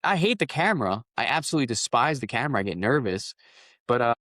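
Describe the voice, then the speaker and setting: A man's voice: medium pitch, sing-song, quick pace, fairly bright tone, no room sound. A man, a company founder guest on a podcast, telling rambling anecdotes in a casual interview, with restarts and quoted dialogue.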